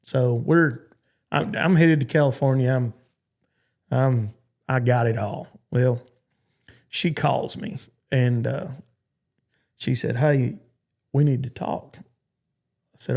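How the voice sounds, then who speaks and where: Gravelly Texan man telling stories. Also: mid-range voice, fairly even intonation, takes it slowly, long pauses, darkish tone. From Texas. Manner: rambling, stop-start storytelling with repeated restarts. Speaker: guest, cowboy. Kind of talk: storytelling in a podcast interview.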